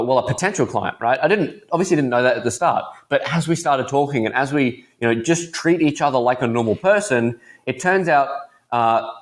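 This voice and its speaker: A teenage man with an Australian accent, chatting upbeat and laughing easily as a podcast guest. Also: mid-range voice. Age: teens. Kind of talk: casual interview chat.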